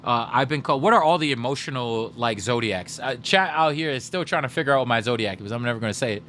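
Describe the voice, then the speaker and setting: A man chats casually with his livestream audience, swearing freely and reading out and answering their messages as he goes. His voice is bright and forceful, and he tells stories with lively energy. A faint hum of noise sits under the recording. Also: mid-range voice, quick pace. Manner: animated storyteller, swears, addresses chat directly; reads out and answers chat messages. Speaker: gaming livestreamer.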